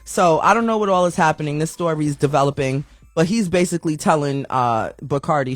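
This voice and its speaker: A woman's voice: low-pitched, animated, a little fast, few pauses, no room sound, studio quality, soft background music. Chatty, slangy woman podcast host. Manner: chatty, slangy, self-mocking, stumbles over words. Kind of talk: casual celebrity news commentary.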